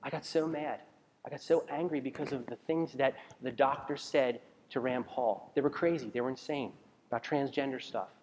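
Here the preacher's voice is medium in pitch and darkish in tone, moving at normal speed. Chatting his way through the sermon, he asks the congregation questions and keeps restarting sentences, while a large hall adds long reverb.

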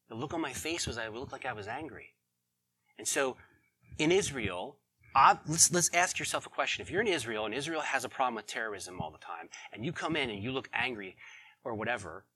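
A man preaching a sermon in a conversational way, asking the congregation questions and swinging between loud emphasis and quiet asides. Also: medium pitch, expressive, brisk, slight background noise. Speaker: pastor.

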